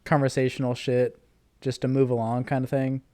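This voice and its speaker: A man's voice: mid-range voice, level tone, moderate pace, dark tone, dry recording, studio quality. A young man co-hosting a podcast in casual chat, easygoing and agreeable. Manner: easygoing, agreeable, laughs along. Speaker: podcast co-host.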